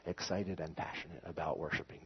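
A man's voice: a bass voice, steady tone, brisk, highs cut off, slight background noise. A man preaching a sermon in a conversational, self-correcting way, rising into emphatic scripture reading. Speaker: pastor.

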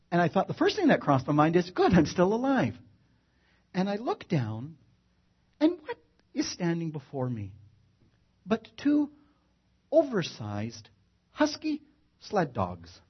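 A man telling a funny personal story in an animated, wry way, acting out the action. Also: a little high, slow, long pauses, husky, lo-fi sound. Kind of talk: live comic storytelling.

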